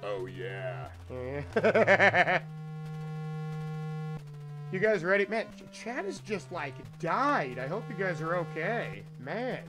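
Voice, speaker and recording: A man with a fairly high voice plays old console games on stream, tossing out jokes and talking to his chat as he goes. Game music plays clearly under his voice. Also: sing-song, poor audio. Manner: joking, talks to chat, quick asides. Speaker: streamer playing retro games. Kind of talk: casual gameplay commentary.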